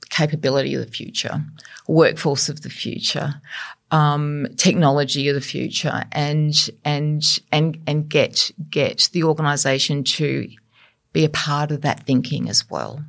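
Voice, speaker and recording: A woman guest on a podcast panel, describing her work in a halting way and repeating words as she lists points. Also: deep voice, steady tone, creaky.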